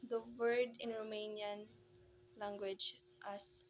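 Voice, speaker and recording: A presenter slowly explains Romanian phonetics, carefully reading out terms and sounding out every example. Her medium-pitched voice barely moves in pitch, and the rough recording carries a slight hiss or hum.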